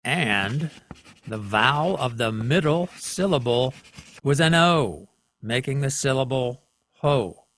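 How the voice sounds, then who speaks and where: Slow, deliberate male lecturer. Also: medium pitch, expressive, a bit bright, slight background noise. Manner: slow, deliberate, checks in with "okay?". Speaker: teacher. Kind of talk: classroom lecture at a whiteboard.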